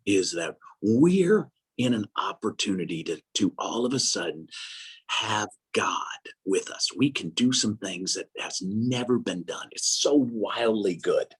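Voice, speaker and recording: A man telling lively faith stories in a casual talk, with an excitable manner, acting out the voices he quotes. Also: on the low side, breathy edge. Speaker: guest speaker.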